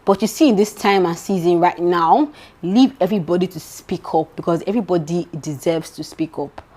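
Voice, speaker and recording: A woman's voice: fairly low pitch, normal speed. Chatty Nigerian woman vlogging gossip. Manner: animated and chatty, addresses viewers directly as "my darling". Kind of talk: casual celebrity gossip vlog.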